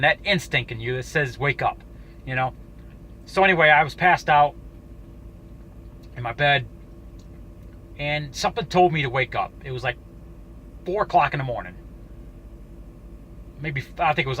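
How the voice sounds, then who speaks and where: A man telling a personal story to camera in a casual, halting way, swearing often and restarting his sentences. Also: medium pitch, bright, forceful tone, a little hiss or hum, poor audio. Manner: profane, halting, with frequent restarts. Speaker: YouTuber.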